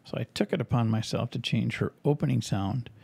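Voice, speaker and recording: Man, podcast host, gravelly, husky, dry close sound, animated storytelling. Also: mid-range voice, a little fast, no echo. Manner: animated anecdote telling, acts out quoted voices. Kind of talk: casual storytelling chat.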